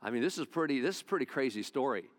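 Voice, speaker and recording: A man's voice: mid-range voice, expressive, rapid-fire. A male pastor preaching a sermon, retelling a Bible story in a folksy, conversational way.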